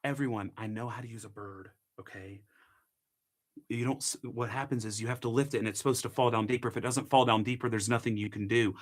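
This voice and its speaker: A young man hosting a casual coffee-brewing vlog, chatty and quick to grumble at his equipment with mild curses. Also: medium pitch, steady tone. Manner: chatty, mild cursing, gets frustrated with gear. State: annoyed. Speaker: coffee channel host.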